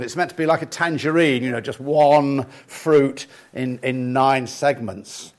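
An older man preaching a sermon in a reflective, halting way, with many restarts and lists spoken slowly and softly. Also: mid-range voice. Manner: leads the congregation through lists in a soft slow voice.

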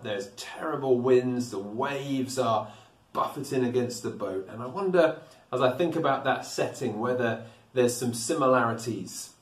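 A man preaching a sermon in a church, earnest and reflective as he explains the passage. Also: mid-range voice. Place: church building. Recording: echoey church, distant mic.

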